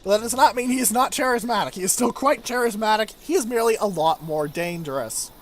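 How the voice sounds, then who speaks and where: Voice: mid-range voice, fast talker, a little hiss or hum. A let's-play host giving casual gameplay commentary in a chatty, wry way, now and then breaking into incredulous repeated questions.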